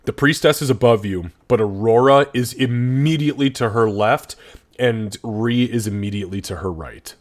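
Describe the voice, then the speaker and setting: A man's voice: medium pitch, moderate pace. A man narrating a tabletop role-playing session as game master, descriptive and swearing freely.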